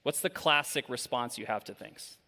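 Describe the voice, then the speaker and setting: Energetic man on a conference stage. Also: medium pitch, normal speed, creaky. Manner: energetic, interactive, quizzes the audience. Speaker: keynote speaker. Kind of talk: conference keynote talk. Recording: long hall reverb.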